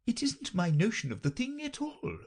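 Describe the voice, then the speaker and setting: A woman reading an audiobook, voicing a flustered, untidy, melancholy queen in a high, plaintive voice. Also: wildly swooping pitch, moderate pace, darkish tone, heavily acted.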